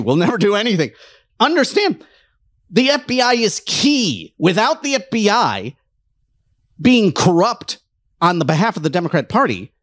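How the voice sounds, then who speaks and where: Worked-up guy ranting at the camera, high voice swinging all over, dry close sound. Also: no room sound. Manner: heated, emphatic, mock-quoting opponents. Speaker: political commentator. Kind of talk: impassioned political rant.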